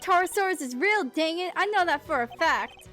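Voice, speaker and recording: A brash, folksy woman photographer barks in a high, drawling put-on Southern accent, as a woman voices her. She talks slangy and pushy, shooing people off. Faint game music hums under her. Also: expressive, moderate pace, bright, forceful tone, heavily acted. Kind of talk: game voice-acting.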